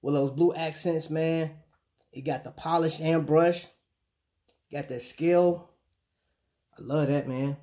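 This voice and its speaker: A man's voice: a little high, fairly even intonation, takes it slowly, long pauses, dark tone. A man hosting a casual live stream, talking loosely with his viewers and throwing "man" and "bro" into most lines. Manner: laid-back slang, chatting with viewers, often saying "man".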